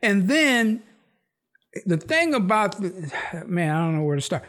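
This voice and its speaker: A high-pitched man speaking at a measured pace hosts a relaxed chat about a TV episode. Between slang and swear words, he animatedly acts out what the characters said, raising his voice for their lines.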